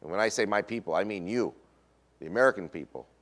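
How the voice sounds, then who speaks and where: A man from Israel giving a recorded lecture. He speaks emphatically and slows down to stress key words. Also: on the low side, a bit bright.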